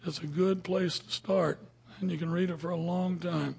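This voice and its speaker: A man's voice: sits high, fairly even intonation, moderate pace, creaky, darkish tone, breathy edge. A man teaching from the Bible in a casual, conversational way, often asking his listeners questions. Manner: conversational, asks the audience questions. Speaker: preacher.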